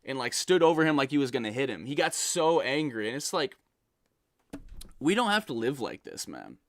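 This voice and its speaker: A man reads out viewer messages and rants about them in an animated, exasperated way, as a reaction commentary. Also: mid-range voice, moderate pace. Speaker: content creator reading viewer messages.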